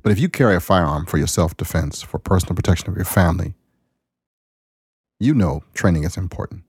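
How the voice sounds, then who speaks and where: A man's voice: deep voice, brisk, slightly rough, dry recording, studio quality. A man hosting his own podcast, giving a folksy, preachy monologue in plain, down-to-earth words. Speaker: podcast host. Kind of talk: casual spoken monologue.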